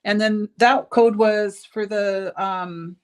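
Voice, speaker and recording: A woman's voice: mid-range voice, steady tone, slow, smooth. A woman hosting a casual live-stream bead show from her jewelry shop. She talks in a chatty, rambling way, full of ums and restarts, and sounds keen on the beads. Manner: enthusiastic about the beads. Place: jewelry shop studio, indoors.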